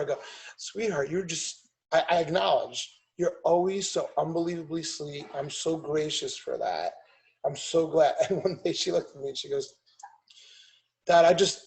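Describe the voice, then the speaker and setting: A middle-aged man telling a family story on a podcast, emphatic and animated, acting out what people said. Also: a little high, rough recording. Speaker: podcast guest, chiropractor and business owner.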